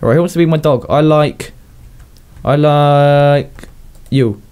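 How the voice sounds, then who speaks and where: A man's voice: on the high side, a little slow, a little mellow, smooth. A young man, chatting casually as he plays, talking to his pets and laughing often, sounding a bit unwell. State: slightly unwell, coughing. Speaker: gaming YouTuber. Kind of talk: casual game commentary.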